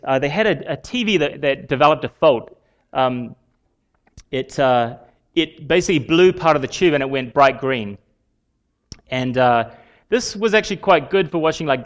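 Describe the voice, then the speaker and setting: Guy preaching a morning sermon, fairly high voice, lots of uhs and ums. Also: dull audio. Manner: conversational, halting with many fillers.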